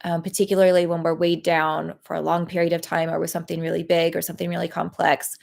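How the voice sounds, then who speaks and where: A woman leading a live guided tapping session, talking in a gentle, encouraging way with many pauses and fillers. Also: fairly low pitch, monotone, vocal fry. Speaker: EFT tapping practitioner.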